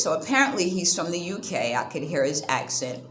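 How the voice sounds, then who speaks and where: Woman vlogger, lowish voice, animated and indignant storyteller, roomy sound with faint background hum. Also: brisk. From United States. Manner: animated, indignant retelling with quoted exchanges. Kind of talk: casual storytelling to camera.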